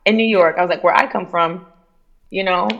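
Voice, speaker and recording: A young adult woman from Miami with a Miami accent, telling stories in casual chat, animated, full of fillers and quoted voices. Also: fairly low pitch, a little fast, lo-fi sound. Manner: chatty, animated storytelling with many likes and quoted voices. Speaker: guest.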